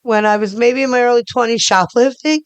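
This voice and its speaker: A middle-aged woman from around Philadelphia, guesting on a podcast, chats casually and rambles, often starting over and gesturing with her hands. Her voice is on the high side and brisk, with no echo.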